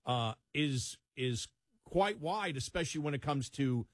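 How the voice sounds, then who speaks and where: A man's voice: a little high, animated, a little slow, no echo, studio quality. A man with a Buffalo accent co-hosting a radio talk show in casual, loose on-air chat. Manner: conversational, loose, chuckling.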